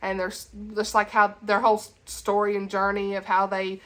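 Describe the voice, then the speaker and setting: A woman's voice: mid-range voice, completely flat delivery, moderate pace, fairly bright tone. Chatty woman vlogging about books. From Tennessee, USA. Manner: chatty and rambling, with gushing enthusiasm. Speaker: book vlogger. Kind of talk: casual chat.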